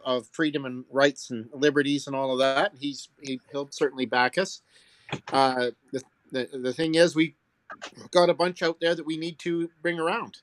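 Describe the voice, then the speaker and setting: A man's voice: medium pitch, a bit bright, no echo. A man from Canada on a firearms advocacy panel, speaking emphatically and rallying listeners to act. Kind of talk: casual panel discussion.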